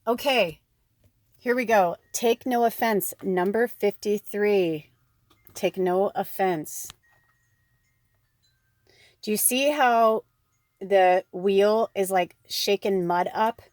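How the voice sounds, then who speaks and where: A woman's voice: medium pitch, slow, pauses often, darkish tone, dry recording. A woman giving a tarot reading in a rambling, chatty way, swearing casually now and then. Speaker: tarot card reader. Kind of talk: casual spiritual chat.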